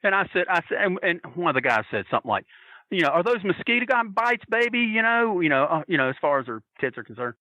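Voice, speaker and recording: A man, a podcast guest, telling a story in an excitable, profane way and acting out what people said. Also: a little high, fast talker, no echo, low-quality recording. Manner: profane, excitable, acts out quotes. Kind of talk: animated storytelling.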